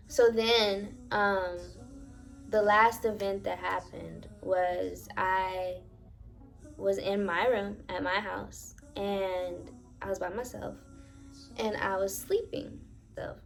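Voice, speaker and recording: A young woman vlogger tells her viewers about a paranormal event she lived through, dramatic and animated and swearing freely. Her gravelly, medium-pitched voice is slow and she pauses often.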